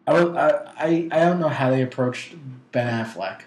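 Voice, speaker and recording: A man's voice: mid-range voice, moderate pace, reverberant, poor audio. A man in casual chat who keeps pulling the talk back on track. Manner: steers the talk back on topic.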